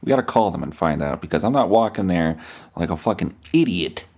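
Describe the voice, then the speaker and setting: A man's voice: sits low, expressive, brisk, darkish tone. A man hosting a podcast, rambling through a profane comedic monologue and a joking phone call. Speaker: podcast host.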